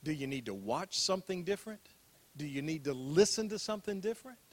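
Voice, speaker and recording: A man's voice: fairly high pitch, animated, fast, fairly bright tone. Older male pastor, conversational sermon. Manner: conversational, repeats phrases, asks rhetorical questions.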